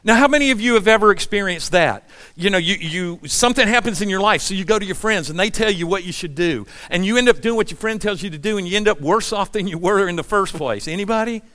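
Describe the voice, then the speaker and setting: A man in his sixties preaching a sermon in a relaxed, conversational storytelling way, often asking the congregation questions. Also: high-pitched, quick pace. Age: 60s. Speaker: pastor.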